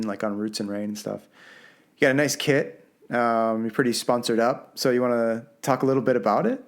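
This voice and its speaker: A man with a Canadian accent hosting a podcast interview, asking rambling, joking questions. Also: mid-range voice. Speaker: podcast host. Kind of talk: casual interview chat.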